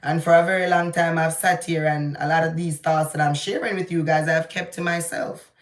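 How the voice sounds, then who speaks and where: A middle-aged Jamaican woman vlogger with a Jamaican accent and a low-pitched voice delivers heated live political commentary in a reverberant space. She rants animatedly, swinging between slow, emphatic outbursts and quick asides in patois.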